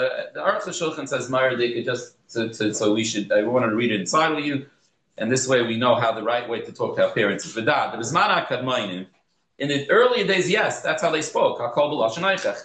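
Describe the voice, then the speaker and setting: A man's voice: mid-range voice, a bit bright, roomy sound, rough recording. A man teaching a Torah class as a rabbi, talking conversationally, asking rhetorical questions and mixing in Hebrew terms. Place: synagogue room.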